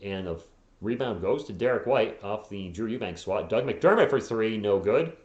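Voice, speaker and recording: A hoarse man hosting a live fan play-by-play stream, calling plays quickly and tossing in joking asides and replies to viewers. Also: fairly low pitch, expressive, a little mellow, roomy sound, dull audio. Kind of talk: casual live play-by-play commentary.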